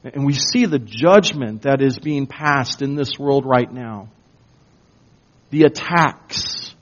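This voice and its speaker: A man preaching a sermon as pastor, slow and emphatic, building to intense bursts. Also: mid-range voice. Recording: dull lo-fi recording.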